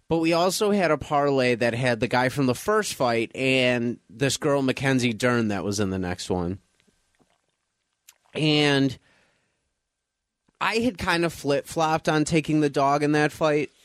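Casual podcast co-host, man, mid-pitch, animated storyteller, dry close sound. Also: no room sound. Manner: animated storytelling, acting out friends' voices. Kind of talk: casual chat.

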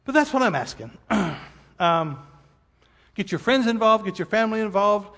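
Earnest, tearful preacher man, high voice. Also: sing-song, normal speed, gravelly, a bit bright, in a large hall. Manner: earnest, vulnerable, self-deprecating. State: tearful at times. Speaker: pastor. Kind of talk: emotional sermon appeal. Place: church auditorium.

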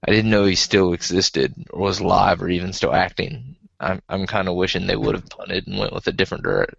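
A man's voice: low voice, steady tone, a little fast, gravelly, fairly bright tone, breathy edge, dry recording. A man co-hosting a podcast in casual, rambling chat. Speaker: podcast co-host. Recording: dull, lo-fi dry sound.

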